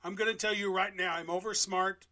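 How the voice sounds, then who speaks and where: A man making a prank phone call, playing a theatrical, flamboyant character who bursts into yelling. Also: high voice, fairly even intonation, fairly quick. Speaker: scam-baiting prank caller.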